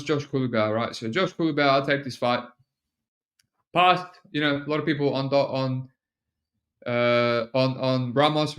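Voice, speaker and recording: Aussie guy rambling on his solo podcast, lots of ums and restarts, mid-pitched. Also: fairly bright tone. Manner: rambling, self-mocking, frequent fillers and restarts. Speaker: podcast host. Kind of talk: casual solo podcast talk.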